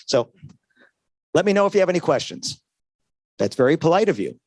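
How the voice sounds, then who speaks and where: Man, seminar speaker, slightly high voice, dry close sound, conversational, keeps asking "right?". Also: very animated, brisk, darkish tone, dry recording. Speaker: seminar speaker at a trade show. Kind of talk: motivational sales talk to an audience.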